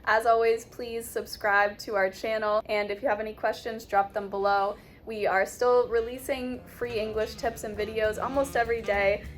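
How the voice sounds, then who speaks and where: A young woman with a General American accent teaching pronunciation in a classroom, drilling words patiently and spelling out letters slowly. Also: on the high side, flat delivery. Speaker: accent coach. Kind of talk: pronunciation lesson. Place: classroom with a board.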